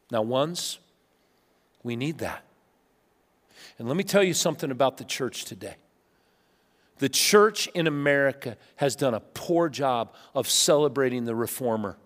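A male pastor preaching a sermon, telling funny stories and swinging between loud bursts and hushed asides. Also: mid-range voice. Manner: animated storytelling with humor, swinging from loud to hushed. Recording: long reverb of a large hall.

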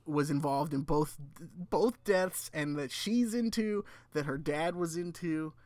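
A man's voice: fairly high pitch, measured pace, a little mellow. A man co-hosting a casual movie recap chat, rambling and laughing in exasperation. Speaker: podcast co-host.

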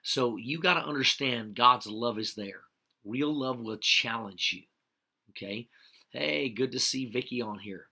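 A man's voice: medium pitch, a little slow, pushed and bright. A man preaching a livestreamed sermon, greeting viewers by name and hammering each point home with repeated "okay?" checks. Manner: emphatic, repeats key points with frequent "okay?".

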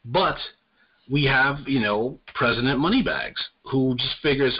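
A man's voice: medium pitch, a little slow, slightly rough. A man hosting a podcast, giving casual political commentary in a heated, profane ranting manner. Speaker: podcast host. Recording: slightly muffled lo-fi audio.

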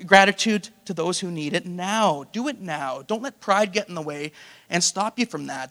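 A male pastor with a high voice preaches a sermon, pressing his listeners with one rhetorical question after another. He breaks in with playful asides to the congregation, and his voice rings out with a long reverb in a church hall. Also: moderate pace, fairly bright tone.

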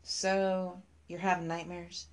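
A woman voicing a middle-aged desk clerk who teases with dry sarcasm but sounds motherly, in a low voice. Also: flat delivery, slow pace. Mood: teasing.

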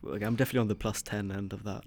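A man's voice: fairly low pitch, fairly even intonation, rapid-fire, vocal fry, darkish tone. A young man from Sweden, a podcast guest in a laid-back casual chat, giving short, easygoing replies.

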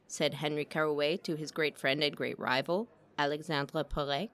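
A woman narrating a short story in a measured, expressive reading. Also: low-pitched. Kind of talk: audiobook narration.

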